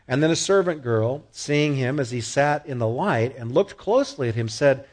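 A man preaching a sermon in a conversational way, asking the listeners questions and growing animated as he tells stories. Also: mid-range voice, normal speed, hardly any pauses. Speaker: pastor.

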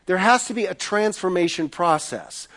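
A man's voice: high voice, expressive, normal speed, a bit bright. A middle-aged man preaching a sermon as a pastor, in an emphatic, repetitive preaching cadence.

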